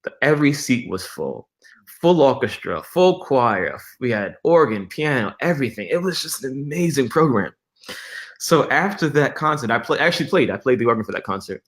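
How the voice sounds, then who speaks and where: Animated man telling a story. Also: medium pitch, moderate pace. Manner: animated storyteller, acts out quoted dialogue with laughs. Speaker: interview guest, church musician. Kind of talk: storytelling in a casual interview.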